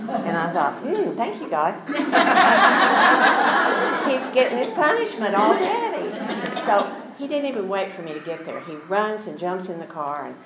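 An older woman teaching a women's Bible study, telling a family story in an earnest, chatty way with soft asides. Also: medium pitch, sing-song, moderate pace, echoey room, heavy background noise.

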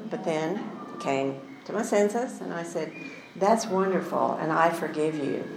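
Gravelly older woman teaching a Bible lesson. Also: low-pitched, measured pace, reverberant, slight background noise, poor audio. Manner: earnest, chatty storyteller with soft asides. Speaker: women's Bible study teacher.

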